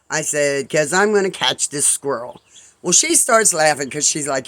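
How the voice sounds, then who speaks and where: A man in his fifties spins a casual, rambling story, full of side remarks and quoted back-and-forth. His voice sits a little high for a man. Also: animated, brisk, fairly bright tone, rough recording. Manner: rambling, full of "I'm like" and asides. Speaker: vlogger.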